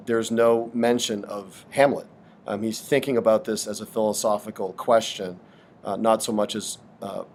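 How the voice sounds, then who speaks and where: A man teaching a literature lesson in a thoughtful, hesitant way, with frequent pauses and fillers. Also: fairly low pitch, a little mellow, slight background noise. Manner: thoughtful, hesitant with many ums. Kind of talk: explanatory lesson.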